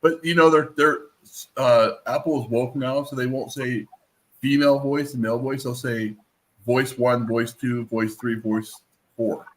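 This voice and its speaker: A man's voice: mid-range voice, steady tone, unhurried. A man streamer in casual chat, talking in a playful, teasing, joking way.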